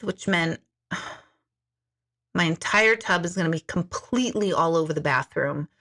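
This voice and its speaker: A woman in her forties, an intuitive life coach, chatting candidly with viewers in a sarcastic, jokey way and swearing freely. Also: medium pitch. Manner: animated, jumps between comments. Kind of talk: casual live chat answering viewer comments.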